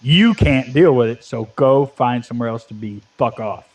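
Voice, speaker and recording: A man's voice: medium pitch, moderate pace. A man in his twenties telling a long, profane rant during casual gaming chat, his mic level fading at times. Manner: profane ranting storyteller. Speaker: Minecraft let's play co-host. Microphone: headset or desk mic, volume fading at times.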